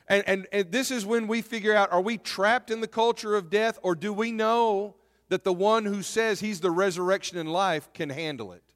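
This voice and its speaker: A man's voice: high voice, fairly bright tone. Man preaching in a reverberant hall. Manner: conversational preaching, repeats words. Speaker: pastor. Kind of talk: sermon. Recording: long reverb of a church hall.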